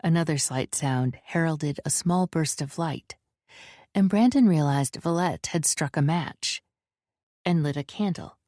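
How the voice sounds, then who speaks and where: A woman reading fantasy fiction as an audiobook narrator, in a measured, descriptive way. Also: low-pitched, warm tone, dry recording, clean studio sound. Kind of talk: scripted narration.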